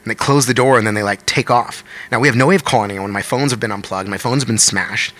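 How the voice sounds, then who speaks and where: A man in his thirties tells a story at a rapid clip, throwing in curses and acting out what people said. His voice is bright and forceful at an ordinary middle pitch. It sounds like a loose, casual podcast chat. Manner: animated, profane, acts out quotes. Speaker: podcast guest, touring musician.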